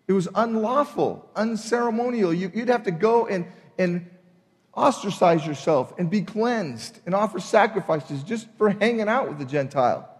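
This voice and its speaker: A man preaching a sermon, emphatic and animated, acting out the people in his retelling. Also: high voice, moderate pace, big-room sound. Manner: emphatic, acts out voices in retelling. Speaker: pastor.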